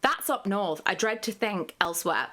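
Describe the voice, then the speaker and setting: A woman's voice: mid-range voice, animated, moderate pace, fairly bright tone. A woman, talking candidly in a personal vlog, rambling with many fillers. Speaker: vlogger.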